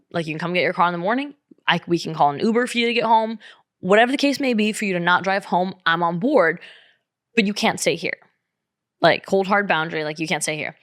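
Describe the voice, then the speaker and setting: A woman's voice: on the low side, fairly bright tone, no room sound, clean studio sound. Frank, swearing young woman telling a story. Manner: candid, swears freely, quotes others. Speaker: vlogger. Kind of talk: casual storytime.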